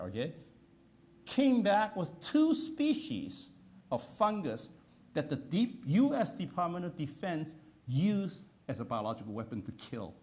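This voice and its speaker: Male doctor, middle-aged, animated lecturer whose pitch leaps around; stammers, repeats and checks in with listeners. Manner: repetitive restarts, emphatic, asks listeners "okay?". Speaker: physician giving a talk. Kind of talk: animated lecture with patient story.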